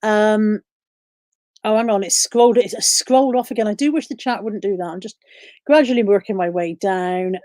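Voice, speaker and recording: A woman's voice: mid-range voice, normal speed, darkish tone, no room sound, clean studio sound. A woman hosting a casual live stream, reading viewer comments and questions aloud and answering them.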